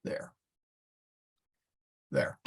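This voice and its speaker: Man, Latin teacher, slow delivery, patient explanations, frequent fillers. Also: a crowd in the background. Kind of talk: online class lecture.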